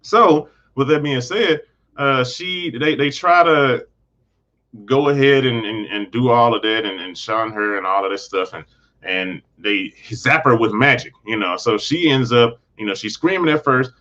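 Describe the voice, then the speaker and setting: A man's voice: mid-range voice, a little slow, bright, forceful tone. Male host for a loose, chatty show recap, mid-range voice, restarts often, slightly muffled recording. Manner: rambling, frequent restarts and self-corrections. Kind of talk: casual TV episode recap.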